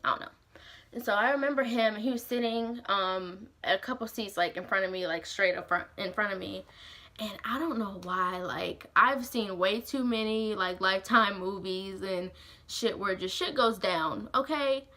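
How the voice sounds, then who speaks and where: A woman's voice: medium pitch, moderate pace. A young woman vlogger telling a story in casual, slangy, profane talk, with lots of "like". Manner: animated, slangy and profane, heavy use of "like".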